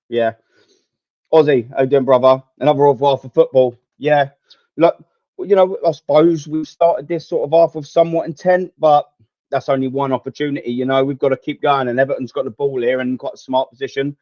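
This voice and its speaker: A young man runs a live football watchalong, venting to his chat in a rambling, exasperated, expletive-laden way. His mid-range voice moves briskly with fairly steady intonation. The home mic sounds dull, lo-fi and dry, with no echo.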